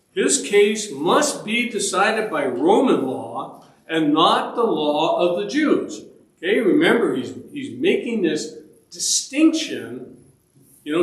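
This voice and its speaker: Leading a church Bible study, a man with a fairly high voice speaks slowly and steadily in a conversational way, restarting phrases and pausing on fillers. He keeps asking the group questions and checking in with "all right?", while the room adds a noticeable echo.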